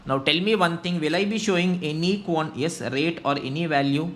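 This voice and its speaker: A man's voice: fairly high pitch, normal speed, fairly bright tone, slight background noise. A young man with an Indian English accent teaching a lecture, firing rhetorical questions at his students. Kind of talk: classroom lecture.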